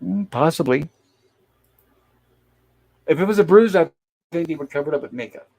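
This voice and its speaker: A man's voice: on the high side, animated, moderate pace, a little mellow. A man hosting a show, casually retelling an old TV episode scene by scene. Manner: acts out quoted lines while recapping, chatty. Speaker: host.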